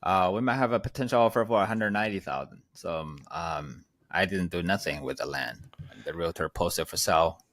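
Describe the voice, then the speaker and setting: A man with a Chinese accent, an upbeat interview guest who laughs often and pauses with fillers. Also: deep voice, fairly bright tone, dry recording. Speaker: guest, land investor. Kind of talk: casual interview chat. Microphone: plugged-in setup.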